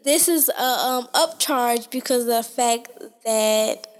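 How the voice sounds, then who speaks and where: A woman's voice: a little high, slow pace. A woman co-hosting a casual podcast chat, retelling a story with acted-out quotes and plenty of swearing. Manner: animated storytelling, acting out quotes, profane. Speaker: podcast co-host.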